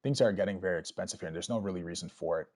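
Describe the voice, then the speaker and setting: Talking at a racing speed in a low-pitched, darkish voice, a let's play streamer rambles casually through commentary as he plays a video game and chats with his viewers.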